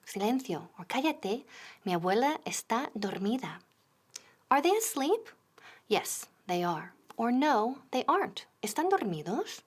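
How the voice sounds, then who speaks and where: A woman explaining English phrases, slowing down to model them clearly. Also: a little high, very animated. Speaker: English teacher presenter. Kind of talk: bilingual lesson explanation.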